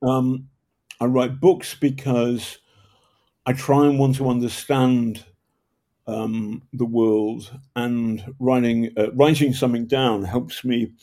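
An older man with a northern English accent talks through a long interview answer in a mid-pitched voice. He tells his stories in a rambling way, breaking off mid-sentence and starting again. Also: flat delivery, slow pace, dark tone. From Northern England. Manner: rambling, self-interrupting storyteller with projected voice. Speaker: guest, journalist and author. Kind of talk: conversational storytelling interview.

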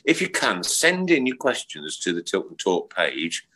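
Deep, animated male podcast host. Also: a little slow. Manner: rambling, jokey, many fillers and restarts. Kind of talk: casual chat.

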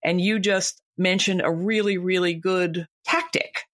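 A woman's voice: fairly low pitch, steady tone, a little slow, a bit bright. An older woman, a guest author, speaking emphatically and with firm opinions in a conversational interview.

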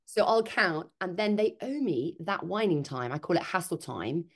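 A woman with a lower voice talks through her parenting ideas on a podcast. She is animated and swings into quoted voices as she explains. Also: normal speed. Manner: animated, acts out quoted speech. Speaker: podcast guest, author. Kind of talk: conversational interview.

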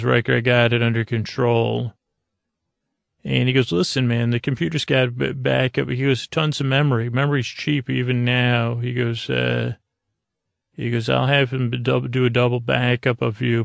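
A man's voice: mid-range voice, gravelly, no echo. A man hosting a podcast, casually recapping a TV episode and loosely paraphrasing what each character says. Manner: rambling retelling, paraphrasing characters' lines. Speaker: podcast host.

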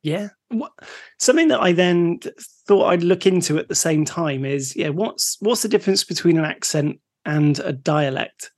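Easygoing West Country man, higher voice. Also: lively intonation, normal speed. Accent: West Country English. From West of England, near Bristol. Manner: easygoing, laughs often, explains topics. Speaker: podcast co-host. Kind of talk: casual podcast chat.

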